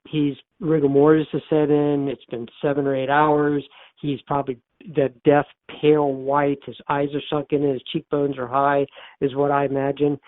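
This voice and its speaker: A man's voice: on the high side, no echo. An older man, an author and therapist, telling a personal story in an interview, earnest and repeating phrases for emphasis. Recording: tinny phone-line sound, dry.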